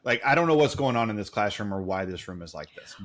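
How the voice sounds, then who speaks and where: A man's voice: fairly low pitch, lively intonation, fast, a bit bright. A man co-hosting a podcast, recapping a TV episode in rambling, sarcastic, profane casual chat. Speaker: podcast co-host.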